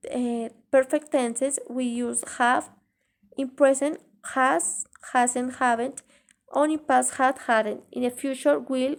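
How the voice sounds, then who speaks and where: A woman teaching an English grammar lesson in a halting way, pausing mid-sentence and reading example sentences aloud. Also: high-pitched, darkish tone. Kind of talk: grammar lesson explaining tag questions.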